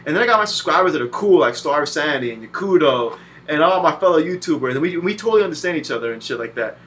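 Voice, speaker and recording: A man in his twenties, from Puerto Rico, giving a profane, animated video game review full of cursing and mocking voices. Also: on the high side, fast. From Puerto Rican. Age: 20s.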